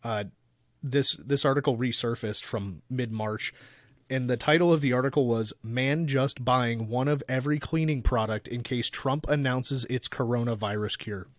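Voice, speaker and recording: A man's voice: medium pitch, normal speed, dry recording, studio quality. A man co-hosting a podcast in casual chat, an easygoing storyteller who reads articles aloud. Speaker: podcast co-host.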